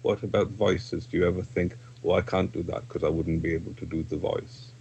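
A man's voice: sits low, little pitch movement, fairly quick, a little mellow, muffled recording. A man interviewing an author, asking casual questions with a laugh, with faint background noise.

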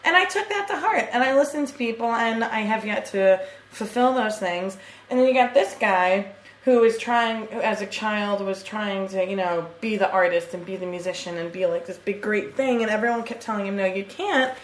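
A woman's voice: medium pitch, normal speed. A woman co-hosting a podcast in casual chat, talking freely, swearing and laughing often. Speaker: podcast co-host. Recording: echoey room with faint ambient noise.

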